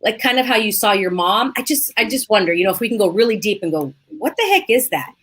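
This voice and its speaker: A woman hosting a podcast in casual conversation, animated and acting out her own past inner thoughts as she talks. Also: mid-range voice, fast talker, slightly rough. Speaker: podcast host.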